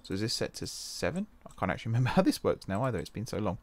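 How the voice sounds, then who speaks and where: Racing along in a lowish, sing-song voice, this UK let's-play host narrates a computer game casually as he thinks aloud. He often corrects himself and changes his mind, and he's dealing with a sore wrist.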